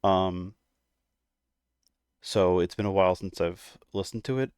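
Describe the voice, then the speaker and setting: A man's voice: low voice, a little slow, a little mellow, smooth, dry recording, clean studio sound. A man hosting a music reaction video, talking casually with many hesitations and fillers, a little out of breath. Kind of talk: casual chat.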